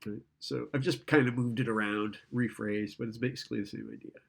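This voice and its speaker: A man's voice: medium pitch, steady tone, brisk, vocal fry. A man lecturing in a casual, conversational way, often checking in with "right?" and acting out client and therapist lines. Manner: conversational, keeps asking "right?".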